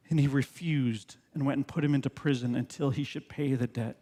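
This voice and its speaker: A man's voice: on the high side, moderate pace, a little mellow, big-room sound. A male pastor preaching a sermon in a conversational way, full of rhetorical questions. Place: church sanctuary.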